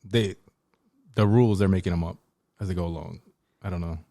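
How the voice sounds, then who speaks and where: A man co-hosting a podcast in casual movie review chat, hesitant and measured, often stammering as he starts. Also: low-pitched, steady tone, warm tone, no echo, studio quality. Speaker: podcast co-host.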